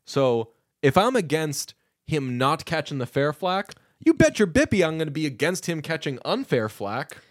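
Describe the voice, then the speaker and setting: A man's voice: a little high, sing-song, normal speed, no room sound, studio quality. A man co-hosting a podcast in casual chat, joking and reading quotes aloud. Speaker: podcast co-host.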